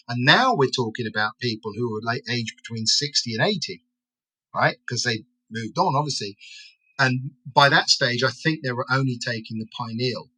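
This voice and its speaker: A man's voice: mid-range voice, pushed and bright, poor audio. A man being interviewed as an expert guest, explaining in a lecturing way and tagging his points with "right?" and "okay?".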